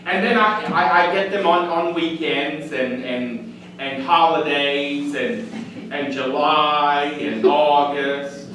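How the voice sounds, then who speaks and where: A man's voice: a little high, steady tone, slow, a bit bright. An actor playing a fussy, tearful newly separated man who stammers and gets sentimental on stage. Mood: wistful. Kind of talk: stage play acting. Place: stage before a live audience. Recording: echoey theater, mic far off, noisy.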